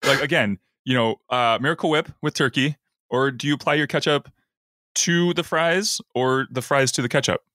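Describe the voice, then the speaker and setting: A man co-hosting a podcast, briskly retelling an episode's plot in run-on casual chat. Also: mid-range voice, bright, forceful tone, no room sound, clean studio sound. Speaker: podcast co-host.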